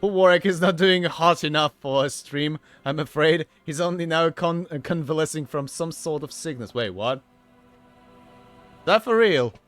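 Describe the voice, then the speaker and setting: A young British man streaming a game, animated and sweary, laughing often. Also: on the high side, normal speed, hardly any pauses, dry recording, soft background music. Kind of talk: casual let's-play commentary.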